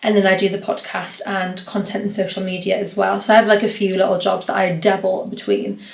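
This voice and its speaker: A woman's voice: medium pitch, flat delivery, fairly quick, vocal fry. A young woman from the North East of England, hosting her podcast in a rambling, chatty way with lots of fillers. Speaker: podcast host. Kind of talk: casual solo podcast chat. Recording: roomy echo.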